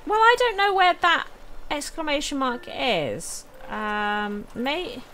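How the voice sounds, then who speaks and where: Her high, animated voice has a sharp edge, and a little hiss or hum sits under the recording. Hosting a let's play, she takes it slowly, chatting casually, thinking aloud as she plays and exclaiming often.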